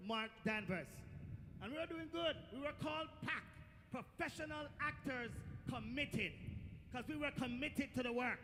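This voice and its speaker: A middle-aged man with a Jamaican accent and a very high-pitched voice performs stand-up on a festival stage, telling lively stories and bursting out loudly at the crowd. The outdoor stage sounds echoey, with faint background noise.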